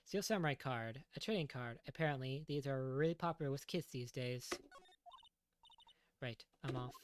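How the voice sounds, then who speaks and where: A woman's voice: a bass voice, normal speed, slight background noise. A woman streamer reading a game's dialogue aloud with her own quips. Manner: quips and mock voices while reading. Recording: faint music underneath.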